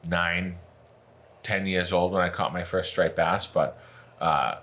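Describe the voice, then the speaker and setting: A man with a Northeastern US accent, a fishing captain, recounting trips in a relaxed, halting way on a podcast. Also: low-pitched. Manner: relaxed, halting retelling with restarts. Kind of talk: casual podcast chat.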